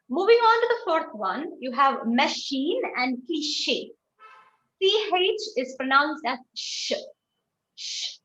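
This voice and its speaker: Woman language tutor, high-pitched, patient and explanatory, echoey and slightly muffled online-call sound. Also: pushed and bright. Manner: patient, explains step by step with frequent check-in questions. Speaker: French teacher. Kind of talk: online class instruction. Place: online video class.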